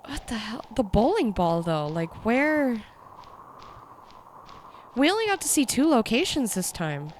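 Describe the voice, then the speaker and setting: A woman's voice: on the high side, unhurried, long pauses, a little hiss or hum. Sniffly young woman reacting in fright. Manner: jumpy and excitable, swearing, yelping and whispering in fright. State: sick with sniffles. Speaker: YouTuber reacting to a horror series. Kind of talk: casual reaction commentary.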